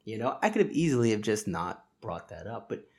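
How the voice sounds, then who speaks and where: A man talking as a podcast guest, telling myths and stories in a relaxed conversation. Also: lowish voice, fairly quick, creaky. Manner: animated storyteller, retells myths with acted quotes. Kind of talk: casual conversation.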